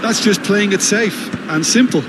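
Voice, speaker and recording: A man voicing a football game's co-commentator, giving measured, analytical remarks. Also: high voice, natural voice. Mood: calm. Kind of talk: game color commentary. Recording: game audio with loud background noise.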